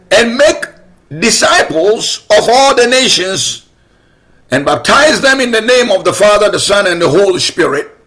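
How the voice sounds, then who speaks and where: Slow, high-voiced male preacher. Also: a bit bright. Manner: emphatic, repetitive preaching with rhetorical questions. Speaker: pastor. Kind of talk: sermon.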